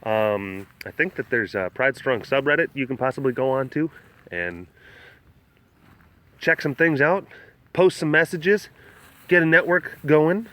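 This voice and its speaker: A man's voice: lively intonation, a little slow, long pauses, a bit bright. A man chatting casually on a livestream outdoors at an animal facility, reading comments and rambling with many restarts. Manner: rambling with many restarts, coos high at the cats. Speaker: animal care keeper streaming live.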